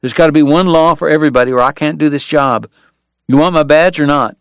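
A man's voice: on the high side, fast talker, clean tone, dry recording, pitched above the performer's own voice, close to an everyday voice. A man voicing a stubborn frontier lawman who speaks firmly and plainly in an audiobook. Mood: insistent. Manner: firm, plain-spoken, insistent.

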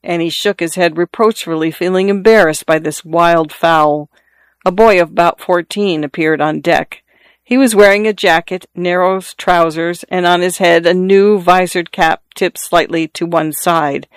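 A narrator reading a classic story in an even, measured way. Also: medium pitch, clean tone, no echo. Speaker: audiobook narrator.

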